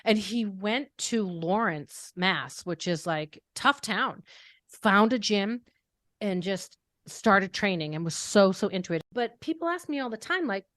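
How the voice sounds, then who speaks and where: A woman's voice: mid-range voice, a little slow, no room sound. Talkative Boston woman in a dry room. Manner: expressive storyteller, lively and talkative. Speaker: podcast host. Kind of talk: casual chat.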